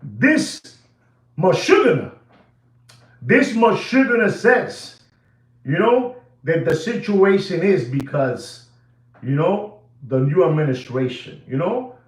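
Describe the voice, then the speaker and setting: Male vlog host, animated ranting commentary, lively voice swinging up and down, slightly high, roomy echo. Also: takes it slowly, long pauses. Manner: repetitive, emphatic, addresses viewers directly. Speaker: watch channel host. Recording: echoey room.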